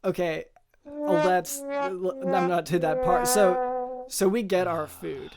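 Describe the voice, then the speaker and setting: A man hosting a podcast, telling a deadpan comic story in a halting, hesitant way with many restarts. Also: high voice, loud music behind the voice. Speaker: podcast host.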